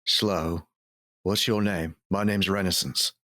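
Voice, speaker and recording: A man voicing a gentle male paladin healer who talks in a calm, reassuring way. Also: low-pitched, slow pace, dry recording, clean studio sound, full character voice.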